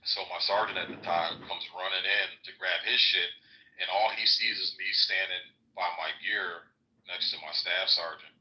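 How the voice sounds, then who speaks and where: A man's voice: deep voice, steady tone, moderate pace, sharp tone, poor audio. A man telling a war story in casual chat, profane and loose, saying "bro" a lot. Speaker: Iraq veteran, guest.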